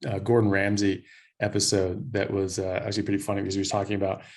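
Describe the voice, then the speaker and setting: A man's voice: lowish voice, completely flat delivery, quick pace. A man from Southern California, a doctor telling stories in a casual interview with many restarts. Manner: storytelling, laughing, frequent restarts. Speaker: doctor, guest.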